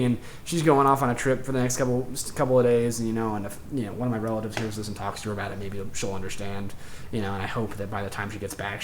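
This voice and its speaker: Young guy venting on his podcast, talks fast, swears a lot, bit of hiss in the background. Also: mid-range voice. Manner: rambling, frustrated, swears a lot. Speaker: podcast host. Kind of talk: casual personal monologue.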